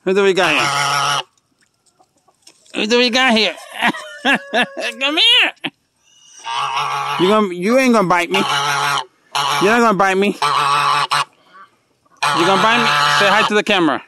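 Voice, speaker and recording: A man filming his birds and pets in an outdoor yard on a handheld phone, coaxing and talking to them and to the camera in an excited, repetitive way. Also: high voice, moderate pace, pauses often, heavy background noise. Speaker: backyard animal keeper filming his pets. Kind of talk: casual home video narration. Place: outdoor yard with geese, chickens and ducks.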